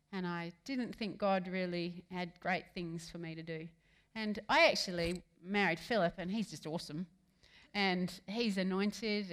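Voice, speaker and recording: A woman preaching a sermon in a church, lively and humorous, moving between soft asides and loud emphatic lines. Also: mid-range voice.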